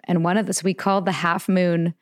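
A woman co-hosting a podcast, talking quickly and emphatically in casual chat and slowing down for the lines she quotes. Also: on the low side, flat delivery, no echo, studio quality. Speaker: podcast co-host.

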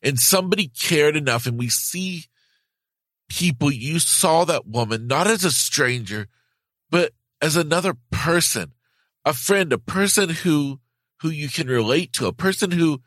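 Podcast host, man, bright forceful tone, reflective and affirming, dry sound. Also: on the high side, lively intonation, measured pace, no echo. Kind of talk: reflective conversation.

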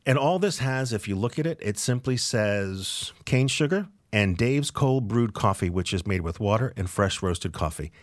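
A man's voice: on the low side, lively intonation, normal speed, few pauses, no echo, studio quality. A man from South Coast New England co-hosting a food podcast, chatting with enthusiasm and explaining things. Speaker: podcast co-host. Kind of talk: casual food podcast chat.

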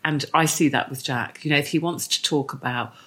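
A woman's voice: low voice, fairly quick, slightly rough. A woman in her sixties, a podcast guest, chatting casually and telling stories, acting out the voices of the people she quotes. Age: 60s. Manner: animated storyteller, acts out quoted voices. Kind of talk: casual chat.

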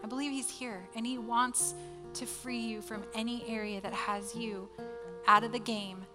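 A woman's voice: a little high, fairly even intonation, moderate pace. A woman in her thirties, a pastor, giving a sermon through earnest, emotional personal storytelling. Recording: hall reverb with soft music behind.

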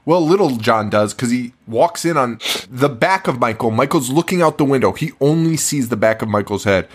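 A man's voice: mid-range voice, expressive, moderate pace, breathy edge. A young man co-hosting a horror movie podcast, chatting casually, swearing a lot and laughing as he acts out lines from the film. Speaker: podcast co-host. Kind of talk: casual chat.

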